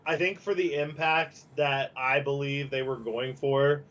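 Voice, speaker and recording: A man joins a live stream as a guest and answers hesitantly, often stopping and starting his sentences again. His voice sits at a middle pitch. The audio sounds slightly dull and muffled. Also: fairly even intonation, measured pace, a bit bright. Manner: hesitant, many fillers and restarts. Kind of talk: casual live-stream chat.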